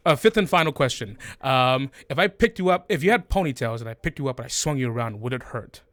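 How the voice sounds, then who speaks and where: A man's voice: mid-range voice, lively intonation, fast talker, fairly bright tone, no echo. A man hosting a tabletop game show as its narrator, joking and laughing through rambling announcements. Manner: goofy, laughing, rambling with fillers. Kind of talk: casual chat and show intro.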